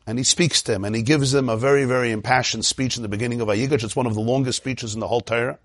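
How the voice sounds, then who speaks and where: A man's voice: medium pitch, fairly even intonation, very fast, no echo, studio quality. A man teaching a Torah lesson, retelling a biblical story with repeated phrases for emphasis and quoting Hebrew verses before translating them.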